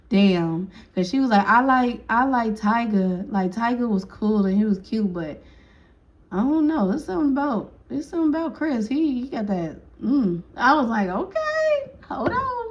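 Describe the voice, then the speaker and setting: A woman's voice: mid-range voice, dull audio. A woman telling a casual storytime, acting out each person's lines and laughing often. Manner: animated, acts out quotes, laughs often.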